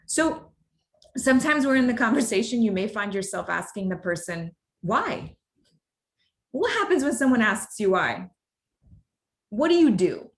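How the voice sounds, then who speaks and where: A woman's voice: mid-range voice, very animated, normal speed. A woman with children, presenting a workplace workshop on difficult conversations in a conversational way. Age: adult, parent of children. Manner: conversational, demonstrates tones with exaggerated acted examples.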